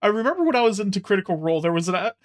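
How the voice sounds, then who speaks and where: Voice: mid-range voice, big pitch swings, racing. A host casually reacting to short videos, rambling with many fillers and frequent laughter.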